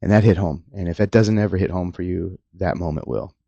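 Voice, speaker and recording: A middle-aged man, a police officer, talking earnestly and emotionally about the job, halting and restarting at times. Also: low-pitched, gravelly, dark tone, dry recording, muffled recording. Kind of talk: candid personal talk.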